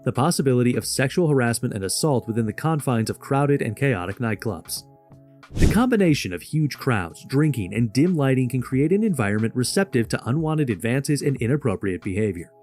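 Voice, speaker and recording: A man narrating a travel countdown video in a formal, measured scripted voice-over. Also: medium pitch, darkish tone. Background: faint background music.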